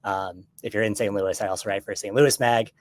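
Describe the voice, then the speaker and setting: Lower-voiced man chatting as a guest. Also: fairly quick, dry recording. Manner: relaxed, filler-heavy. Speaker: guest, soccer writer. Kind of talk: casual chat.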